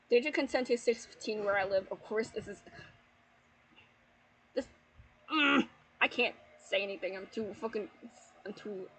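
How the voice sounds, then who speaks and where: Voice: medium pitch, a bit bright, husky, poor audio. A YouTuber reading a fanfiction aloud at home at night, breaking off into exasperated, heavily sworn commentary and laughter. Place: at home at night with family asleep.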